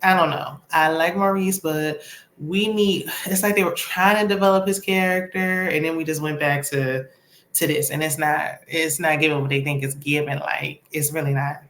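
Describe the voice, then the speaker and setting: Sassy, lower-voiced woman recapping TV. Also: steady tone, normal speed, fairly bright tone, reverberant, slight background noise. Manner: chatty, sassy, opinionated. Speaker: TV recap vlogger. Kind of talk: casual TV episode recap.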